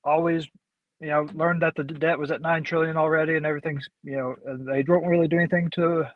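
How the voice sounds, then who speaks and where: A man from Missouri answers interview questions with many pauses and restarts. His voice sits somewhat high and sounds dull and dry, as over a remote connection. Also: little pitch movement, no echo. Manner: halting, many fillers and restarts. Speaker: guest, congressional candidate.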